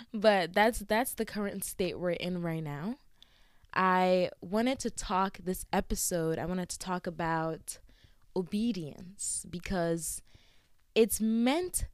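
A young woman hosting a casual solo podcast, chatty and giggly, acting out quoted lines with lively jumps in pitch. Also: clean tone, dry recording, studio quality. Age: young adult. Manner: chatty and giggly, with frequent laughs. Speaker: podcast host.

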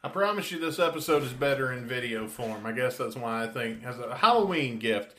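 A man's voice: medium pitch, expressive, brisk, bright, forceful tone, slight background noise. A man hosting a podcast in loose, joking chat, swearing freely and laughing often. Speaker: podcast host. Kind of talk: casual chat.

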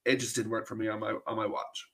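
A man co-hosting a podcast in casual chat, relaxed as he moderates and trailing off softly at times. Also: on the low side, fast, creaky. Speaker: podcast co-host.

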